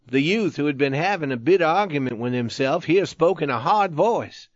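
A man narrating a war story in a measured, even audiobook style. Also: on the high side, no room sound, muffled recording.

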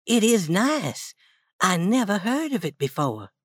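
A woman voicing a shy young schoolgirl in a storybook reading, soft-spoken and hesitant. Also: medium pitch, big pitch swings, unhurried, slightly rough, no echo, studio quality. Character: shy young schoolgirl, tender and easily hurt.

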